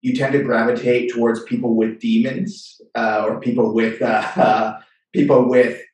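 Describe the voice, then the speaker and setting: An Australian man of middling pitch hosts a casual interview. He speaks in a loose, hesitant way full of fillers. His voice comes from well back in a very echoey room. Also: unhurried. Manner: relaxed, hesitant with many fillers. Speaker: podcast host. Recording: distant echoey room mic.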